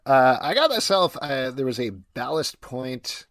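A man's voice: medium pitch, big pitch swings, unhurried, a bit bright, no echo, clean studio sound. A man co-hosting a casual podcast, chatting and reading out listener questions with a laugh. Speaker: podcast co-host. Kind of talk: casual chat.

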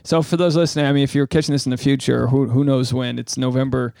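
A man from New England co-hosting a casual podcast chat, rambling and animated, joking at his own expense. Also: mid-range voice, fast talker, creaky, no room sound, studio quality. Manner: rambling, animated, self-mocking. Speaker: podcast co-host. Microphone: studio microphone.

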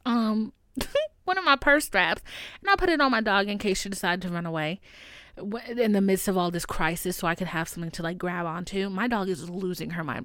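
A young woman hosting a podcast, telling a story casually and animatedly, with lots of swearing, and switching into a higher voice when she quotes people. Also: fairly bright tone, no echo, clean studio sound. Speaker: podcast host.

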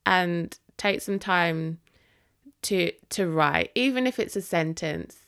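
A woman's voice: lowish voice, expressive, slow pace, fairly bright tone, clear, resonant tone. A woman co-hosting a podcast in casual chat, encouraging and teasing. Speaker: podcast co-host.

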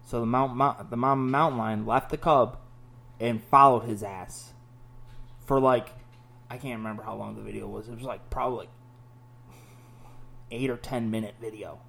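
A man hosting a casual podcast, talking in a loose, profane, animated way as he tells stories. His New is clear, and his pitch sits at an ordinary middle level. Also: normal speed, long pauses. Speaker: podcast host. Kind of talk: casual chat.

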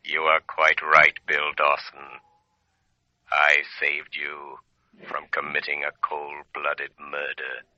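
Deep, slow, commanding invisible avenger; old radio play, dull recording. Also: male voice, monotone, bright, forceful tone, no echo, heavily acted. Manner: slow, booming, menacing laugh. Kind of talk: 1930s radio drama acting.

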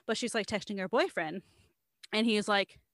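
A woman's voice: mid-range voice, normal speed, dry recording, clean studio sound. A woman in casual chat, retelling a story at length with lots of "like" and quoted voices. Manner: animated storytelling, quoting others, frequent "like".

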